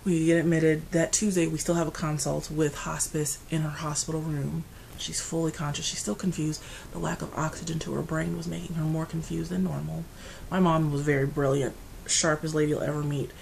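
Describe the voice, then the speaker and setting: A woman vlogger talking through her grief at home, rambling and restarting, going quiet and then loud. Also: sits low, flat delivery, brisk, vocal fry, a little hiss or hum, low-quality recording. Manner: grieving, rambling, restarts often, swings between quiet and loud. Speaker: beauty vlogger. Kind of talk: casual personal talk to camera. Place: her apartment.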